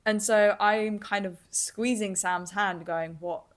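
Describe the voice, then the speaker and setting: Podcast host: young woman, casual storyteller, mid-pitched, talks with lots of "like" and "kind of". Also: slow. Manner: chatty, lively, filler-heavy with "like" and "kind of".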